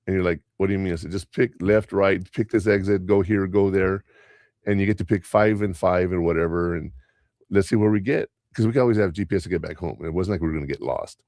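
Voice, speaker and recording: A middle-aged man hosting a podcast, telling family stories in a rambling, animated way. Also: low-pitched, fast, no room sound, studio quality. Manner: rambling, animated storyteller who mimics voices. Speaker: podcast host. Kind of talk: casual storytelling chat.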